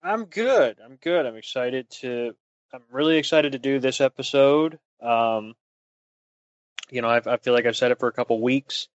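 A man's voice: medium pitch, normal speed, dry recording, dull audio. A man co-hosting a casual podcast, teasing his partner dryly and thinking aloud with lots of ums. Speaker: podcast co-host.

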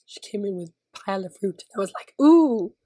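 A woman co-hosting a podcast, gushing excitedly about a drama's finale in casual chat and swearing freely. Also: medium pitch, quick pace, no room sound, clean studio sound. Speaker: podcast co-host.

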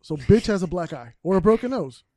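High-voiced, joking young man. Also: lively intonation, brisk, dark tone, dry recording, studio quality. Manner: joking, teasing, blunt. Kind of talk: casual podcast chat.

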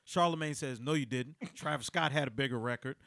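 Male talk host, bright and sharp, dry studio sound, acts out quotes with loud bursts. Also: mid-range voice, fairly quick, vocal fry, dry recording. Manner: excitable storyteller, acts out quotes with sudden loud outbursts. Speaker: radio show host. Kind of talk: animated casual studio banter.

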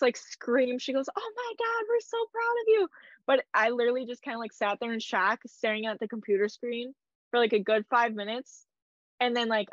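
A woman's voice: on the high side, no echo, dull audio. A young woman telling a personal story in a casual, emotional way, peppered with "like" and quoted dialogue. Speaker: guest.

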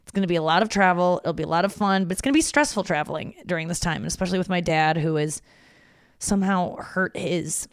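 A woman's voice: lowish voice, clear, resonant tone, no echo, clean studio sound. A woman hosting her podcast, talking alone in a loose, candid, yawning ramble with plenty of swearing. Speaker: podcast host. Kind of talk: casual solo monologue.

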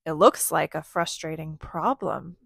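A woman voicing a patient father in a storybook read-aloud, gentle and reassuring. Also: sits low, a little slow, creaky, breathy edge, no room sound, studio quality, voice pushed down, heavily acted.

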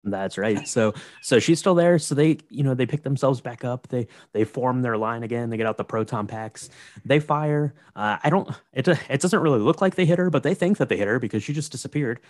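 A man casually recapping a movie on a podcast, relaxed and wry, with fillers. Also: medium pitch, brisk, no echo, studio quality.

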